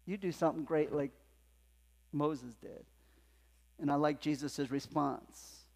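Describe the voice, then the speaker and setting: A man preaching a sermon as pastor, emphatic and swinging between hushed and loud passages. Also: a little high, slow, creaky. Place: church sanctuary. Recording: long hall reverb in a church.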